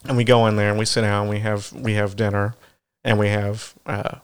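A man's voice: fairly low pitch, level tone, normal speed, smooth. Joking, laughing man. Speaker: podcast co-host. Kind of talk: casual chat.

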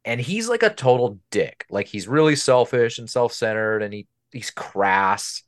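A man's voice: mid-range voice, expressive, unhurried. A man co-hosting a podcast, talking casually and at length about a film, with many fillers and restarts. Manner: chatty, explains at length with fillers. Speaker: podcast co-host.

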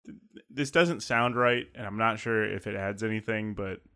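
Smooth-voiced man rambling. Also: on the low side, moderate pace, sharp tone. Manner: rambling, says "like" constantly. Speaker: podcast co-host. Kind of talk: casual chat.

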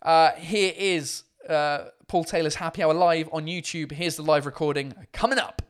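A man's voice: on the high side, fairly even intonation, moderate pace, soft background music. A man hosting a casual live-stream chat show from home, talking in a rambling, loose way and swearing freely. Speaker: host of a live beer-drinking chat show.

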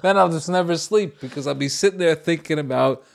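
A man in his thirties, co-hosting a crude, casual comedy chat and laughing his way through animated, profane stories. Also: a little high, fairly quick, creaky. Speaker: podcast co-host.

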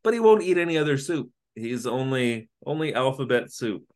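A man co-hosting a casual podcast, retelling an episode in an animated, jokey way. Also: mid-range voice, normal speed. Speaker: podcast co-host. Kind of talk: casual comedic recap chat.

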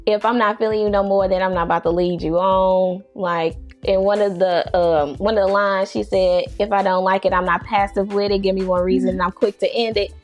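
A woman hosting a podcast in casual chat, chatty and quick to laugh, drawing out her phrases. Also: mid-range voice. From not from the US East Coast. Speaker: podcast host.

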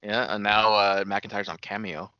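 A man co-hosting a podcast in relaxed, joking chat, swearing casually now and then. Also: on the low side, moderate pace, no echo, lo-fi sound. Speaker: podcast co-host.

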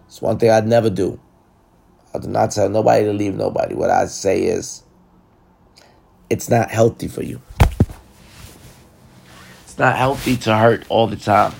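A man's voice: fairly low pitch, steady tone, normal speed, vocal fry, long pauses, a little mellow, a little hiss or hum. A man talking to viewers in a blunt, profane, casual monologue, giving relationship advice. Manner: blunt, profane and talkative, addressing viewers directly.

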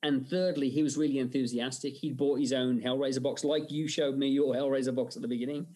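Man, interview guest, mid-pitched voice, rambling storyteller, chatty podcast talk. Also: steady tone, fast, mellow. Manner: rambling storyteller, frequent fillers and restarts. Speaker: guest, film director and effects artist. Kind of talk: conversational interview.

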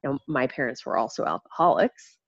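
A woman in casual conversation, speaking reflectively about childhood and family messages, pausing and restarting often. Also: rumbling low, big pitch swings, vocal fry, dry recording, lo-fi sound. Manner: reflective, halting, many restarts and fillers.

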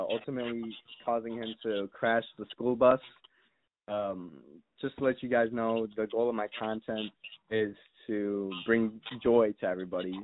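A man's voice: on the low side, a little hiss or hum. Young man rambling, tinny phone-like sound. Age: young adult. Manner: rambling mock-serious storytelling, heavy fillers and swearing. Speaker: podcast guest. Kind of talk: casual podcast chat.

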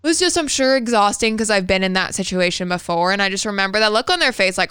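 Woman, podcast co-host, casual blunt storytelling, bright crisp voice, dry close sound. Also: medium pitch, animated, fast talker, few pauses, dry recording. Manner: candid, blunt, swears freely.

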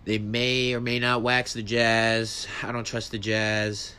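Profane, animated man ranting on his podcast. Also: takes it slowly, few pauses, clean tone. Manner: animated, profane, ranting, voice jumps high when worked up. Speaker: podcast host. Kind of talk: solo casual podcast rant.

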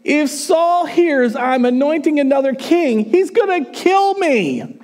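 A man's voice: sits high, steady tone, racing, dark tone, big-room sound, pitched above the performer's own voice, natural voice. A man voicing a glum, fretful older prophet in a retold story, whiny and exasperated. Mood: moping, worried.

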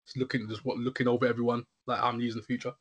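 A man's voice: mid-range voice, very fast, breathy edge, highs cut off. A man chatting casually and rambling animatedly, often checking in with his listener. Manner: rambling, animated, frequent "you know what I'm saying". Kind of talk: casual chat.

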